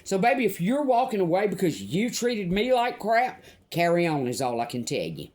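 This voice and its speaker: An older woman from Louisiana ranting to camera as a vlogger, blunt, indignant and profane, with slow emphatic pauses. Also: on the low side, very animated, a little mellow. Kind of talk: angry personal rant to camera.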